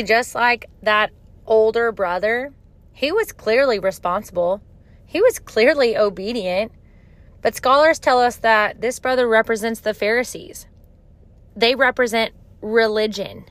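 A woman's voice: a little high, a bit bright, dry recording. A woman hosting a podcast and giving an earnest, heartfelt devotional talk. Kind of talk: devotional teaching.

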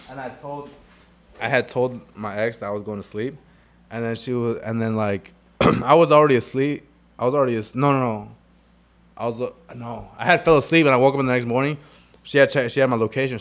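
A young man co-hosting a podcast, telling rambling, profanity-heavy stories with friends in a small room. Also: medium pitch. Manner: loose, profanity-heavy, rambling storytelling with restarts. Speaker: podcast co-host. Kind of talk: casual storytelling chat.

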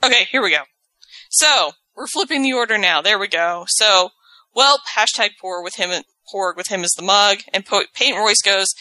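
A woman's voice: medium pitch, expressive, normal speed, sharp tone, dry recording, rough recording. A woman co-hosting a podcast, casually reading social media posts aloud with playful asides. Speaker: podcast co-host.

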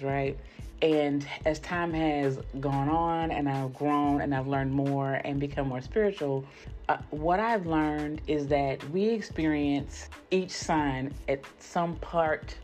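A woman's voice: low-pitched, darkish tone. A woman hosting a podcast, talking casually and informally to her listeners and often checking in with "right?". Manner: chatty, keeps checking in with "right?"; addresses listeners directly, informal. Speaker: podcast host. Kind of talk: casual spiritual talk.

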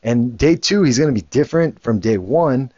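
A man's voice: mid-range voice, lively intonation, normal speed, a little mellow, no room sound, lo-fi sound. A man, a father, telling a casual story in a rambling way, with many restarts and the odd curse word. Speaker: father and show host.

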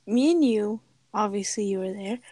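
A young woman co-hosting a podcast, chatting casually with frequent giggles and drawn-out fillers into a close mic. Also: medium pitch, warm tone, dry recording. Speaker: podcast co-host. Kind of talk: casual chat.

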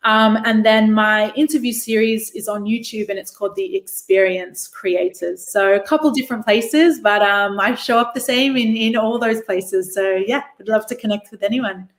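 A woman's voice: medium pitch, normal speed, hardly any pauses, reverberant. A woman, a podcast guest who talks about leadership and mentorship in an easy, thoughtful way. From Australia. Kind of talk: casual interview chat.

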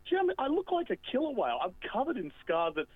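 A man's voice: very high-pitched, wildly swooping pitch, rapid-fire, husky, full character voice. A man voicing a lonely, self-pitying road bridge that rambles melodramatically, close to tears, as a guest on a comedy radio bit. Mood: wounded. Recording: tinny phone line.

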